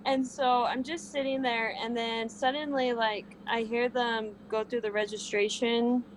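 A woman guest recounting a story in a loose, animated way, full of fillers. Her voice sits a bit high. A faint hum of noise lies under the recording. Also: unhurried, rough recording. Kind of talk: casual storytelling.

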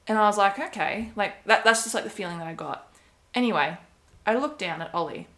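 A woman's voice: mid-range voice, lively intonation, brisk, fairly bright tone. A young woman casually telling a personal story, rambling with many fillers and quoted asides. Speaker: podcast co-host.

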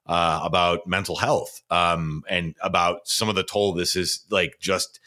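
A man co-hosting a podcast, chatting in an excitable, rambling way with lots of fillers. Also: deep voice, measured pace. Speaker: podcast co-host. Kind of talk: casual chat.

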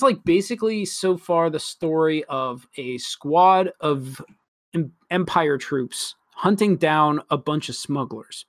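A man with a slightly high voice rambles through an anime recap on a podcast, swearing casually. The recording is dry and close, with no room sound behind him. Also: no echo. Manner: rambling, profane, quick laughs. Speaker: podcast co-host.

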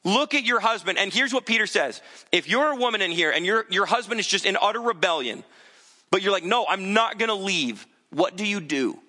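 Bright-voiced male pastor preaching in a hall. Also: high voice, animated, a little fast. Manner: earnest, urgent preaching that acts out quoted voices. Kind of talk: sermon.

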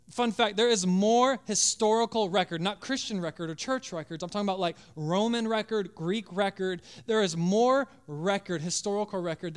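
A male pastor preaching a sermon with passion, acting out voices and dropping to a hush at times. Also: sits high, smooth. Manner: impassioned, acts out biblical voices, drops to hushed tones.

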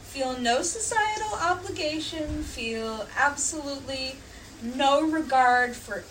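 A young woman, a podcast guest, telling stories in a casual, animated way with many "um"s and "like"s. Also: high voice, takes it slowly. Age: young adult. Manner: animated storytelling, filler "um" and "like". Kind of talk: casual chat. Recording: distant mic, faint background noise.

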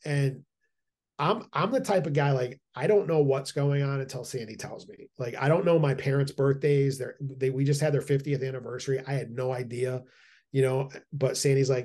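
A man's voice: medium pitch, moderate pace, a little mellow. A middle-aged man talking as a podcast guest, eager and rambling, with frequent restarts and repeated words. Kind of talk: casual podcast conversation.

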